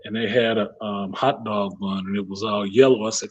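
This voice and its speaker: A man's voice: on the low side, steady tone, fairly quick, few pauses, husky, muffled recording. A man hosting a casual livestream hangout, telling profane stories and laughing often. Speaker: podcast host.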